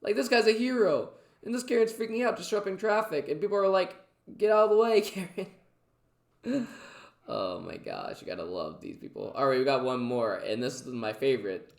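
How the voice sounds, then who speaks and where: A man's voice: medium pitch, lively intonation, a little fast, gravelly, few pauses, roomy sound. A man casually reacting to clips, chatty and full of fillers. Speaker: reaction video host.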